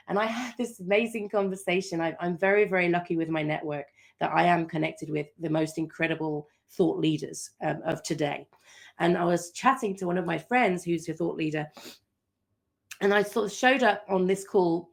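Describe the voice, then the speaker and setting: A middle-aged woman coach in a podcast interview, telling stories with animated voices for her own quotes. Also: medium pitch.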